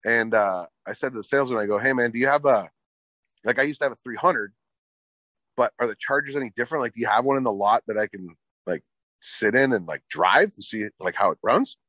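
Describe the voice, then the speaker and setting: A man's voice: medium pitch, a little fast, pushed and bright, no room sound. Brief: man, loose profane storyteller, dry close sound. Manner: profane, rambling, fillers like "like". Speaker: car customizer telling a story. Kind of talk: casual storytelling chat.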